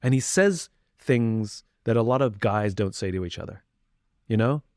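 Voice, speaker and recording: A man's voice: fairly low pitch, moderate pace, a little mellow, no room sound, studio quality. A man speaking as a podcast guest, talking earnestly and reflectively with frequent restarts. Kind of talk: candid conversation.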